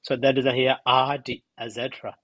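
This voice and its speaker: Brief: man teaching grammar in a halting, step-by-step way, mid-pitched voice, dry close sound. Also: flat delivery, a bit bright, no echo, rough recording. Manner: slow, halting, counts syllables aloud one by one. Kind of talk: spoken lesson.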